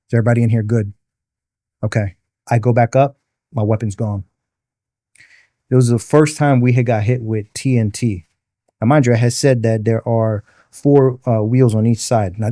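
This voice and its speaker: A man's voice: mid-range voice, dark tone, no echo, clean studio sound. A man, a podcast guest and military veteran, telling a personal story in vivid detail and patiently explaining military terms. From the Bronx, New York.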